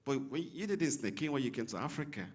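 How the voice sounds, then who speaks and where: A man's voice: mid-range voice, sing-song, fast talker. A man from Nigeria performing a stand-up comedy set on stage in a comedy club, teasing the crowd.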